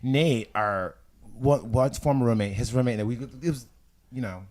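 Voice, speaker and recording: A young man hosting a talk show, telling a story in a campy, animated, profane way. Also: mid-range voice, moderate pace. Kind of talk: casual storytelling chat.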